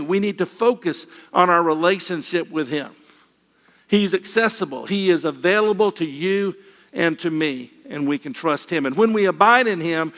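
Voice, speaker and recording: Older male preacher, folksy and lightly humorous, slightly high voice, reverberant hall. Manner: folksy, with gentle humor and repeated phrases. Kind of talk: sermon.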